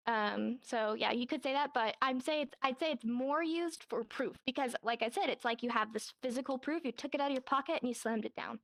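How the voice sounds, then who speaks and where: A woman's voice: a little high, fairly quick, no room sound. A young adult woman teaching a casual sign language class in virtual reality. She talks in a chatty way, acts out quoted lines and laughs often, speaking into a headset mic.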